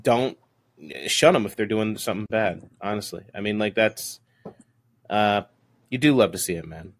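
A man's voice: on the low side, moderate pace. A man hosting a call-in show, chatting casually and laughing easily with his callers. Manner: laid-back, chatty, often laughs with callers.

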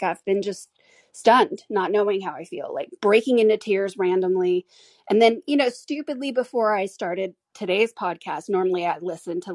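A woman's voice: medium pitch, a little mellow, no room sound. A woman hosting a solo podcast, speaking candidly and emotionally with frequent restarts. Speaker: podcast host.

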